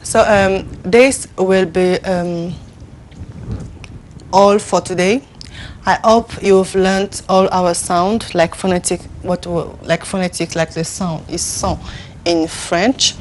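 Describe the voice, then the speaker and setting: A woman teaching French pronunciation on a TV segment, slowly repeating words for viewers to echo. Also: on the low side, fairly even intonation, slight background noise. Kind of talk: TV language lesson.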